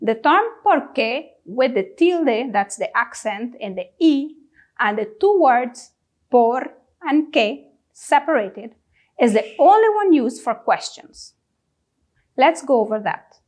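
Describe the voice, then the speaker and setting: A woman's voice: sits high, expressive, a little mellow. A woman teaching a language lesson, drilling each question word and asking the listener to repeat after her. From Guyana. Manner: drills words, pausing for repetition. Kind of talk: slow, deliberate classroom instruction.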